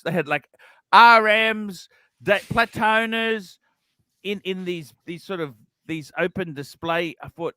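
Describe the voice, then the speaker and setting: Man, livestream host, bright tense voice, smooth tone, dry close sound. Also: high voice, a little slow, dry recording. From Australia. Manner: rambling, many restarts. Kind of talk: casual livestream chat, reading donations.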